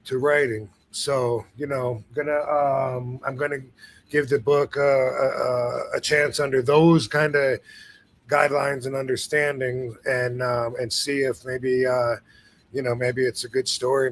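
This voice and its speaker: A man's voice: mid-range voice, flat delivery, unhurried. A man hosting a live stream, talking in a laid-back, rambling way with many fillers and restarts. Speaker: show host. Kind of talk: casual live-stream chat.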